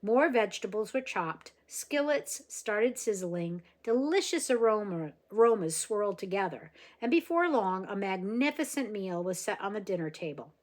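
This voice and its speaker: Woman, reading a children's novel aloud, gentle, expressive, occasional slips. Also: medium pitch, normal speed, hardly any pauses. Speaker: reader.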